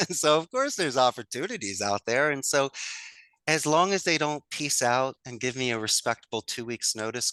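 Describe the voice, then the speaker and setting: An upbeat man talking as a guest on an interview show. His voice is bright and forceful, and he delivers motivational advice with enthusiasm. The sound is dry and close, with no room around it. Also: on the high side, clear, resonant tone, no room sound. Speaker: guest, business owner. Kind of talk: casual interview chat.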